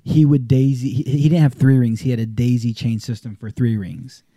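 A man's voice: mid-range voice, normal speed, no room sound, studio quality. A man in casual podcast chat, talking animatedly and swearing freely. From not from Texas, lives in Texas. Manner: animated, swears, slips into a put-on drawl when excited.

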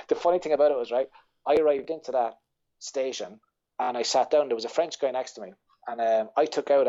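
An Irish ultra-runner appears as a podcast guest, spinning a rambling story in relaxed chat, swearing freely and laughing along the way. His voice is medium-pitched and mellow, with the high frequencies cut off.

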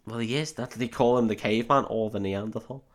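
A man's voice: medium pitch, fairly quick. A drunk man rambling through a sweary, laughing film recap as a podcast co-host. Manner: rambling, sweary, laughing retelling with quoted voices.

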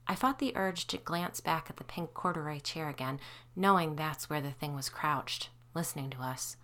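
A woman narrating a spooky story in an even, suspenseful way. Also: low-pitched, normal speed.

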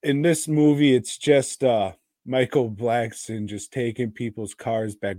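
A man's voice: mid-range voice, steady tone, unhurried, hardly any pauses, mellow, no room sound, studio quality. A man co-hosting a podcast in casual chat, rambling and teasing with crude language. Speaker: podcast co-host.

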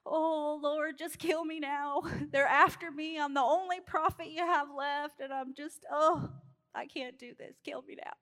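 Woman voicing a despairing male prophet, whiny and pleading, high-pitched. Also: fairly even intonation, unhurried, fairly bright tone, big-room sound.

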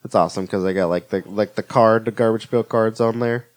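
A man co-hosting a casual podcast chat, animated and jokey. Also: brisk. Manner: animated, jokey, slips into high silly impressions. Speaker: podcast co-host.

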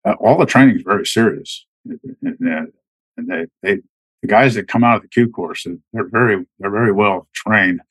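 A man in his fifties, a retired soldier, telling war stories casually in a halting way, with many restarts. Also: lowish voice, lively intonation, fairly bright tone, husky, no room sound, poor audio. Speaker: guest, retired Army Green Beret. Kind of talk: casual storytelling.

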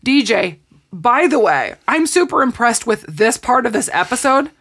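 A woman's voice: fairly high pitch, moderate pace. A woman in her forties, casually recapping a TV show and telling stories, acting out the lines she quotes. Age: 40s. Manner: animated storytelling, acts out quotes. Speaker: podcast co-host. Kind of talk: casual chat recapping episodes.

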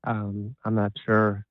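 A man's voice: fairly low pitch, monotone, drawn-out words, dry recording. A hesitant male caller who stammers and restarts often. His voice comes through a thin, tinny phone line with a dry sound. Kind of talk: phone call-in.

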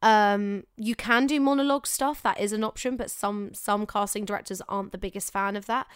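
A woman's voice: medium pitch, a little fast, smooth, dry recording, studio quality. A young woman, an actor, chatting casually and animatedly as she gives advice on showreels. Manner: chatty, animated, self-correcting. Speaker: actor giving career advice.

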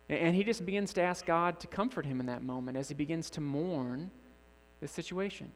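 A slightly high-pitched man preaches from a church pulpit, telling an illustrative story and voicing its characters as he goes. His voice rings out with a long reverb tail in the sanctuary. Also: brisk. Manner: animated storyteller acting out characters' lines. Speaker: guest preacher. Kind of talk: sermon storytelling.

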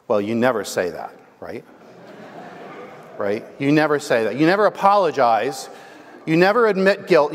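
A man preaching a sermon as the pastor, telling a story and asking the congregation "right?". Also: a little high. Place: church. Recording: long hall reverb.

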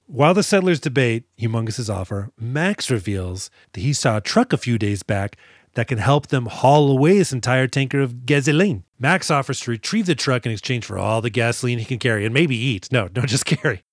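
A man's voice: mid-range voice, animated, a little fast, no echo, studio quality. Wry, profane male podcast host. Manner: profane, wry recapping with mocking quoted asides. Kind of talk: casual movie podcast chat.

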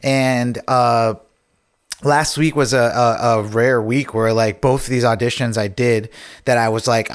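A young adult man talks as a guest on a podcast, in an easygoing, meandering way. His voice sits at an ordinary middle pitch. He pads nearly every thought with "like" and "you know". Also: unhurried. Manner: rambling, heavy with "like" and "you know". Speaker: actor guest. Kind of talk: casual podcast chat.

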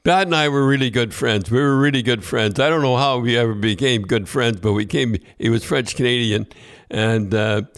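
A man's voice: medium pitch, normal speed, a bit bright. An older man hosting a podcast, telling long, rambling anecdotes full of restarts and repeated words. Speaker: podcast host. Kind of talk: casual storytelling chat.

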